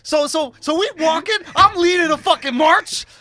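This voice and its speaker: A man in his thirties telling a long story on a podcast, animated and laughing, jumping between low asides and high excited bursts. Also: normal speed, music in the background. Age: 30s. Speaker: podcast co-host.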